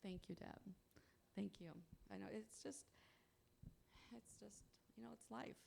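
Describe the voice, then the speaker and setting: A woman's voice: medium pitch, steady tone, a little slow, gravelly, dark tone, a little hiss or hum. A woman speaking at a convention, giving an upbeat motivational talk and often asking her audience "you know what?". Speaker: conference speaker. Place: on stage at a convention.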